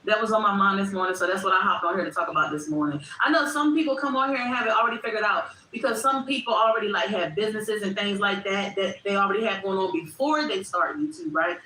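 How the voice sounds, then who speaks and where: Bright, forceful, and expressive, a woman with a medium-pitched voice hosts a casual livestream at a quick pace with few pauses. She repeats herself and reflects aloud while addressing her chat directly. The recording has an echoey room and faint background noise.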